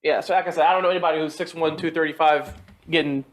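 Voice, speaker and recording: Male podcast co-host, rapid delivery, teasing jokester. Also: a little high, steady tone. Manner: joking, teasing banter. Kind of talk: casual sports chat.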